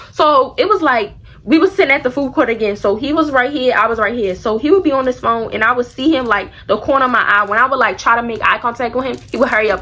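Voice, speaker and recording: A young woman telling a storytime vlog in an animated, blunt, slangy and profane way. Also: on the high side. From Baltimore area. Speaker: vlogger.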